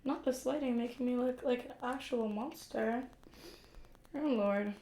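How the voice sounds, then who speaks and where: A woman's voice: fairly high pitch, measured pace, mellow. A young woman chatting casually with viewers on a live stream at home, complaining in a self-deprecating way. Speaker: livestreamer. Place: room at home. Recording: echoey room with faint background hum.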